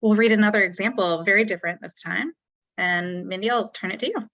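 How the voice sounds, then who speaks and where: A woman admission officer talks through an online webinar in a measured way, with frequent pauses and fillers. Her voice is bright and recorded dry and close. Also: medium pitch, no room sound, lo-fi sound. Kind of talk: webinar presentation.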